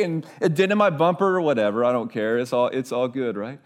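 A man's voice: medium pitch, brisk, few pauses. A male pastor preaching a sermon in a church, telling stories conversationally with frequent "right?" asides.

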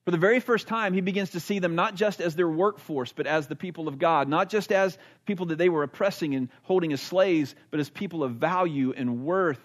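Earnest preaching man, slightly high voice. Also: a little fast, few pauses. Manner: earnest, emphatic preaching with dramatic drops to a hush. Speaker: pastor. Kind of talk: sermon.

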